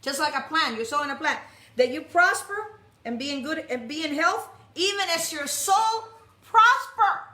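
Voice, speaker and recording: A woman's voice: high voice, animated, normal speed. A woman preaching a sermon to a congregation in a temple, commanding and direct, calling out to the people like a drill sergeant. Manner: forceful, commanding, calls out to the congregation. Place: messianic temple. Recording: echoey room.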